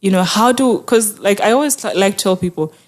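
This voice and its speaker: A woman mental health therapist, appearing as a guest in a conversational interview, speaks earnestly and encouragingly, often acting out people's inner thoughts. Her voice is mid-range and fairly quick.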